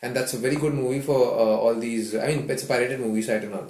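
Young guy rambling fast on a podcast, blunt, lots of restarts, echoey room. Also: mid-range voice, fairly even intonation. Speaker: podcast co-host. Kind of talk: casual chat. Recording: echoey room with faint noise.

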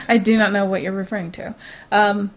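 A woman's voice: mid-range voice, normal speed. A young woman co-hosting a podcast, ranting bluntly in casual chat and laughing often. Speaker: podcast co-host.

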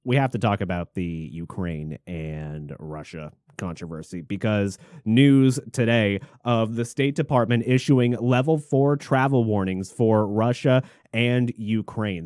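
A man hosting a podcast, casually riffing on current news with jokes and swearing, trailing off into mumbles between louder bursts. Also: mid-range voice, no room sound, clean studio sound. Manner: jokey, irreverent, swears freely. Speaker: podcast host.

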